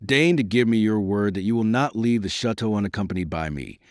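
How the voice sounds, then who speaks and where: A male reader voicing a courteous, shrewd young baron who speaks in a measured, formal way. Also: fairly low pitch, lively intonation, no echo, studio quality, close to an everyday voice. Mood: courtly.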